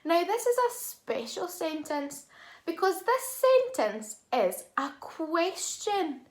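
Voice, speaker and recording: A woman teacher leading a phonics lesson for young children, sounding out words slowly and clearly. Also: very high voice, very animated, roomy sound. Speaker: primary school teacher.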